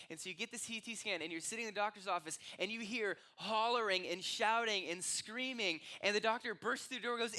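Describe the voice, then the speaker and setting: A man's voice: high voice, quick pace, hardly any pauses. A young man preaching a sermon as pastor, telling stories and acting out voices. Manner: storytelling, acts out voices with rising excitement.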